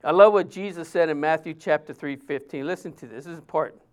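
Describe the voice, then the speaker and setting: A male pastor, preaching in a conversational way, with many fillers and restarts, dropping his voice softly when he quotes others. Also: fairly high pitch, fast, smooth. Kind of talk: sermon.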